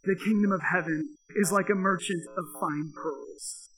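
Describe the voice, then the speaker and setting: A man's voice: sits high, measured pace, far from the mic, rough recording. A preacher voicing a patient father telling a parable. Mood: storytelling. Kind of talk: sermon.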